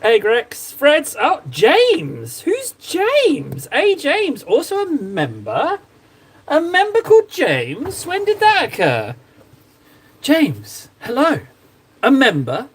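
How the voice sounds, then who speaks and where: A man's voice: extremely high pitch, wildly swooping pitch, slow. A man hosting a casual livestream, reading chat aloud with playful, self-mocking banter. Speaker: livestream host painting miniatures.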